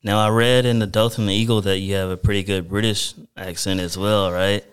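A radio host interviews a student athlete on a casual sports show, chatting easily and friendly and often calling his guest "man." His voice is lowish, fairly quick, and clear and resonant, with little pitch movement.

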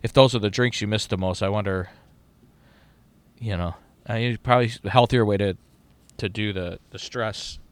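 A man's voice: lowish voice, steady tone, moderate pace, smooth, dry recording. A middle-aged man in casual chat as a podcast host, rambling and profane with lots of restarts.

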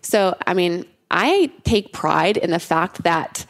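A young adult woman coaching in a casual podcast chat, earnest and full of "you know"s. Her voice sits a little low for a woman. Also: expressive, takes it slowly. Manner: earnest, repeats words, many "you know"s. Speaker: fitness coach, podcast co-host.

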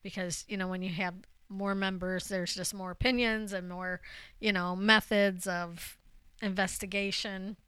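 Woman host, chatty and encouraging, bright, smooth, dry close sound. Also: mid-range voice, fairly even intonation, measured pace, no room sound. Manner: chatty and encouraging, with frequent laughs and backchannels. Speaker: podcast host. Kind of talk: casual podcast chat.

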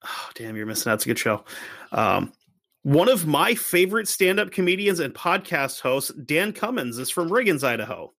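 A man's voice: a little high, sing-song, normal speed, a bit bright. A man co-hosting a podcast, joking around in casual chat and swearing a lot. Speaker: podcast co-host.

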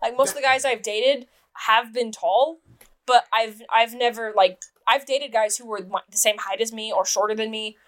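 A woman with a high voice talks loosely on a podcast as the guest. She swears freely and leans on "like" as filler. She keeps a relaxed, gossipy chat going. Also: moderate pace. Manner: chatty and profane, heavy "like" filler.

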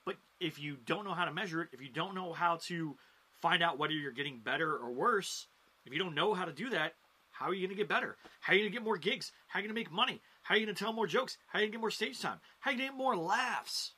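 Animated bright-voiced man hosting. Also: quick pace, husky. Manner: animated, jumps in pitch and loudness for emphasis. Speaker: stand-up comedy coach and show host. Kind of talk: casual talk to camera.

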